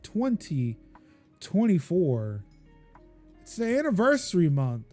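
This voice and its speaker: A man's voice: sits high, lively intonation, a little slow, a little mellow, soft background music. A man hosting a tech podcast in casual chat, jokey and self-deprecating. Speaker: podcast host.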